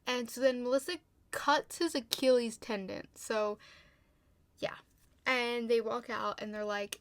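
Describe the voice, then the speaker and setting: Speaking unhurriedly with lively intonation, a young woman recaps a TV episode in a slightly high, gravelly, fairly bright voice, recorded without echo. She's chatty and swears often, filling her sentences with "like."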